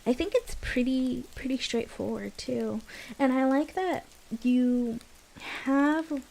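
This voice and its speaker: A woman's voice: high voice, unhurried, vocal fry, warm tone, low-quality recording. A young woman giving a casual tarot reading, explaining the cards in a chatty way. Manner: chatty, explaining as she goes. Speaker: tarot reader.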